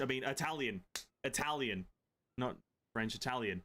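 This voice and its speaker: A man's voice: medium pitch, expressive, brisk, a bit bright, slight background noise. A man from Europe streaming a video game, chatting casually with his viewers, swearing freely and bantering with them. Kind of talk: casual live-stream chat while playing.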